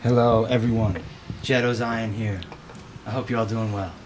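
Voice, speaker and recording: A man telling stories as a guest in casual, profane, animated chat. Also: lowish voice, normal speed, noisy background.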